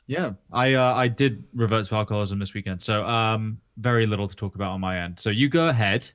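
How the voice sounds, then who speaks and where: A man who grew up outside the UK, co-hosting a gaming podcast in relaxed, dry, casual chat. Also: on the low side, fairly quick, dry recording, dull audio. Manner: laid-back, dry, laughs easily. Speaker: podcast co-host.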